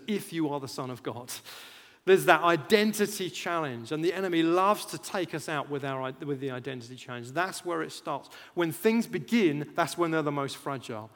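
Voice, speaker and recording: A man preaching a sermon, animated, jumping loud for emphasis and acting out chants. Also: on the high side. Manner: animated, rises loud for emphasis, acts out chants, laughs at himself. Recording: long hall reverb.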